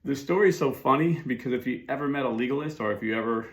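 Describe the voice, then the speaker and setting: A man's voice: mid-range voice, fast talker, background noise. A middle-aged man giving a casual monologue as a Catholic commentator, chatty with fillers and asides.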